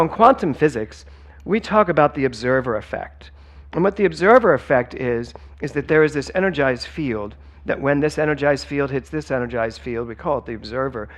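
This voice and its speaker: A man giving a sermon as a spiritual director, emphatic and conversational, talking straight to the congregation. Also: medium pitch. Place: church sanctuary.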